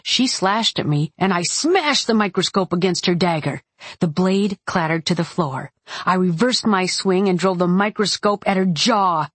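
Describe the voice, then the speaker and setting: A woman's voice: fairly low pitch, expressive, moderate pace, breathy edge, no room sound. A woman narrating a first-person fantasy audiobook in a tense, clipped style, recorded on a close studio mic.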